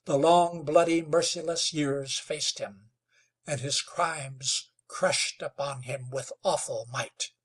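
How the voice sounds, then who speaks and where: A man narrating a western novel in a slow, dramatic storytelling manner. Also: on the high side, fairly even intonation, slightly rough. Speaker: audiobook narrator. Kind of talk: scripted narration.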